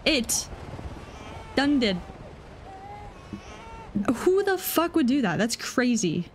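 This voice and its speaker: Casting: chatty woman streamer, slightly high voice, blunt and excitable, curses a lot. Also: slow, a little hiss or hum. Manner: excitable, swears freely, thinks aloud. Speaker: gaming reaction streamer. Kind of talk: casual reaction commentary.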